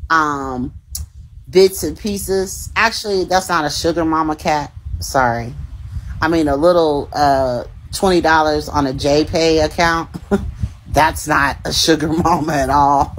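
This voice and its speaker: Husky, brash woman livestreamer. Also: sits low. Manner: profane, brash and teasing, calls out commenters; laughs often between remarks. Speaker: livestream host reading comments. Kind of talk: casual livestream chat.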